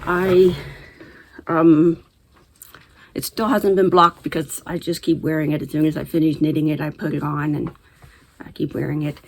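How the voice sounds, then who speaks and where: A woman's voice: low-pitched, flat delivery, moderate pace, long pauses, a little hiss or hum. A middle-aged woman hosting a knitting video, chatting casually to camera and laughing easily as she talks. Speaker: knitting podcast host.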